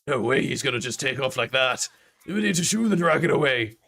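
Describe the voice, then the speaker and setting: A man giving casual game-stream commentary in an excitable, jokey way. He chats with viewers as he plays. His voice sits at a middle pitch. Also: fairly quick, vocal fry.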